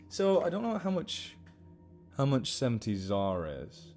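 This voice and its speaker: A man's voice: mid-range voice, huge pitch swings, a little slow, darkish tone, soft background music. A man chatting casually on a live stream, giggly and rambling.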